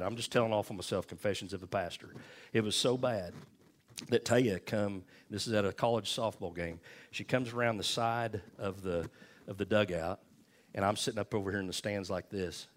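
A man's voice: lowish voice, normal speed. Folksy pastor man. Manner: folksy, self-deprecating, animated storytelling. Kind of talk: sermon storytelling.

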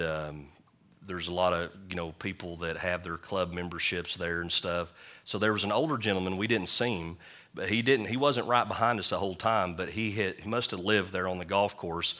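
A man's voice: deep voice, pushed and bright. A man preaching a sermon, telling a funny story in a folksy, humorous way. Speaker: pastor.

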